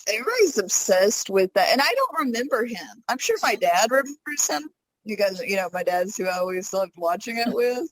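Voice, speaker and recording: A woman's voice: medium pitch, big pitch swings, brisk, crowd noise, low-quality recording. A woman co-hosting a podcast, chatting casually in a laid-back, blunt way. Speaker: co-host.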